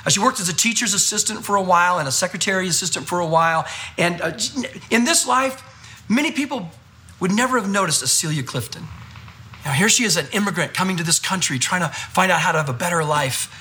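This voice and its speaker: A male pastor preaching a sermon, telling stories in an animated way and repeating phrases for emphasis. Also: high voice, quick pace.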